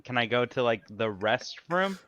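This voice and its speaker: A man playing a tabletop game, talking in halting bits and restarting often. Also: medium pitch, animated, fairly bright tone, muffled recording. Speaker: player. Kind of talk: casual tabletop play.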